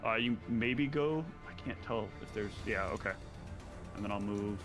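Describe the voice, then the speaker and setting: A man playing a tabletop game, working out his party's moves out loud in halting bursts. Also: lowish voice, music in the background. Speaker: player.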